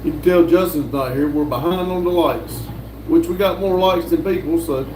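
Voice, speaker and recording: A man hosting a casual livestream, reading viewer comments aloud slowly and answering them with lots of fillers. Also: fairly high pitch, darkish tone. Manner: slow, drawling, reads comments aloud with fillers. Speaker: livestream host reading chat. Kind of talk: casual live chat. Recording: echoey room with faint background noise.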